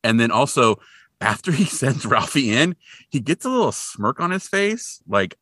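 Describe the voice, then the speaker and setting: A man's voice: mid-range voice, sing-song, normal speed, a bit bright, no room sound, clean studio sound. A man co-hosting a casual podcast, animatedly retelling a film scene and acting out the characters' lines. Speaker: podcast co-host. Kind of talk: casual chat recapping a film.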